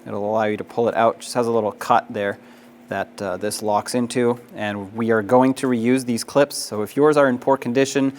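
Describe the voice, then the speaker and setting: A man's voice: medium pitch, fairly even intonation, moderate pace, darkish tone. Plain-spoken man explaining car repair. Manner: practical and step-by-step, with frequent "uh" fillers. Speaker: auto repair instructor. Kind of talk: instructional how-to narration.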